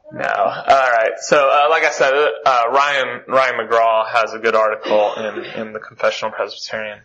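A man's voice: mid-range voice, animated, slow pace, sharp tone, muffled recording. A man teaching a church class, reading passages aloud and commenting with frequent fillers. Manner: reads quotations aloud with many fillers.

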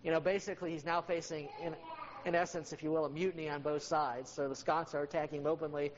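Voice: mid-range voice, fairly even intonation, fast talker, lo-fi sound. A history teacher giving an informal classroom lecture, with frequent ums and uhs and asides to students by name.

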